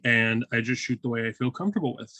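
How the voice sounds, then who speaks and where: A man's voice: medium pitch, fast, sharp tone, no echo, low-quality recording. A young man in his twenties, a photographer guest on a casual interview, speaking bluntly and candidly about his job.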